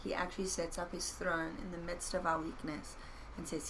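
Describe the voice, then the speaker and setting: A woman who has been a pastor, telling personal faith stories in an earnest, animated way with playful self-mockery. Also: on the low side, normal speed, slight background noise, rough recording. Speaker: pastor and podcast guest. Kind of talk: casual faith conversation.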